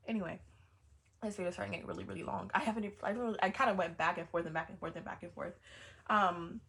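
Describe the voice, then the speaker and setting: A young woman talking in a casual vlog as a spiritual content creator, animated and repetitive, with swearing and laughing asides. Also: lowish voice, fast, creaky. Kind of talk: casual personal vlog monologue.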